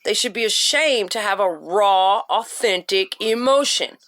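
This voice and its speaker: A woman's voice: mid-range voice, measured pace, fairly bright tone. Blunt, swearing woman ranting to camera. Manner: blunt and profane, punchy repetition. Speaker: vlogger giving self-help advice. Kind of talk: emphatic motivational rant.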